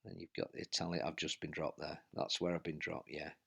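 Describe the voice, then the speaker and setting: Low gravelly guy narrating his bike race, winded, pushing himself, pretty flat delivery. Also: fairly quick. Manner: breathless running commentary, urging himself on. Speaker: cycling vlogger. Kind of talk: live race commentary while riding.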